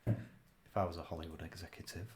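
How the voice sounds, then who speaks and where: A man's voice: deep voice, fairly even intonation, fairly quick, darkish tone, a little hiss or hum. A man from the UK co-hosting a casual podcast chat, blunt and sarcastic, with frequent swearing. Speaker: podcast co-host.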